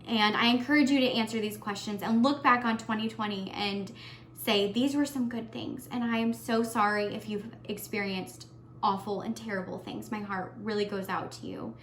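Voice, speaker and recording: A young adult woman vlogging, earnest and heartfelt, talking warmly to her viewers and getting emotional. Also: mid-range voice, steady tone, normal speed, roomy sound, slight background noise. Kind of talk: casual year-end tag vlog.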